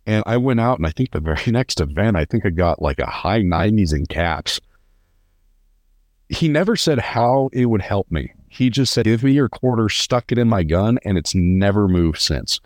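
A man's voice: fairly low pitch, lively intonation, normal speed, no echo, clean studio sound. A young man from California, a podcast guest telling stories in an earnest, rambling way with many restarts. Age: young adult. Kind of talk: casual interview.

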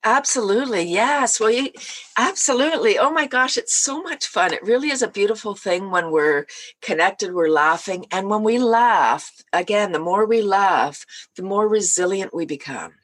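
Laughter-yoga guest: bubbly, husky woman, lively swooping delivery, frequent laughs. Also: medium pitch, normal speed. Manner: bubbly, laughs often, animated storytelling. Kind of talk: casual podcast chat.

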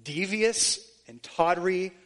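A man's voice: sits high, slow pace, a bit bright. A man preaching a sermon as pastor, earnest and emphatic, repeating phrases to drive points home.

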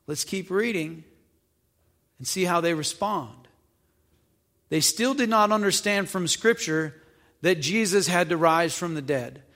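High-voiced preacher in a reverberant hall. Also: male voice, unhurried, long pauses, fairly bright tone. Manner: reads verses then explains them conversationally, asking questions. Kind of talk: Bible teaching, reading scripture with commentary.

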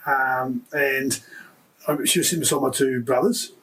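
A man in his fifties, a former rugby league player, telling stories in an interview with emotional, animated delivery and frequent restarts. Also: mid-range voice, normal speed, distant mic, rough recording. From Australia. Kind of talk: casual storytelling interview.

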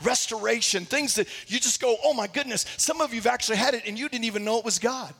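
A man's voice: very high-pitched, fast, vocal fry, bright, forceful tone, big-room sound. A man, a pastor, preaching a sermon and telling stories with acted quotes, in a church sanctuary.

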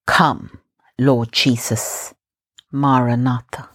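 A woman from India with a very low, breathy voice leads a guided Christian meditation. She speaks slowly and calmly, in a gently instructive way. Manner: calm, slow, gently instructive. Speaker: meditation podcast host.

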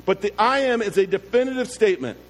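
A pastor preaching an earnest sermon, slowing down to stress key words. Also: male voice, sits high, animated. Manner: earnest preaching with slow, drawn-out emphasis. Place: church. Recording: long reverb with faint music.

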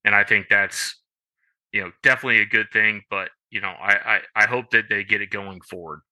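Bright-toned halting male co-host. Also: on the low side, steady tone, dry recording. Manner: halting, many "you know" fillers. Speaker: podcast co-host. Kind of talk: casual podcast chat.

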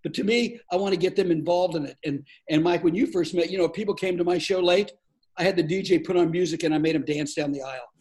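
A man's voice: high-pitched, fast talker. An older man, a comedian, telling stories playfully as a guest in an interview. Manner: playful, animated storyteller with frequent laughs. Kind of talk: storytelling in a podcast interview.

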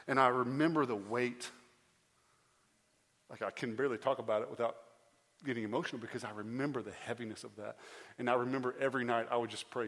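Earnest pastor preaching in a reverberant hall. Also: male voice, mid-range voice, steady tone, fast. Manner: earnest, rising to loud emphatic pleas; frequent restarts and repeated phrases. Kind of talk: sermon.

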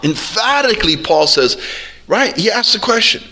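A man preaching a sermon as a pastor, drawing out his words and dropping his voice low when he quotes others. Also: lively intonation, normal speed, sharp tone. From Arab heritage.

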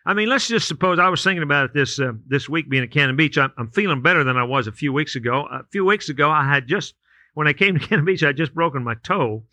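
Folksy storytelling male pastor, bright voice. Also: on the high side, animated, fast, no room sound. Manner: storytelling with hypotheticals, folksy and repetitive. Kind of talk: sermon.

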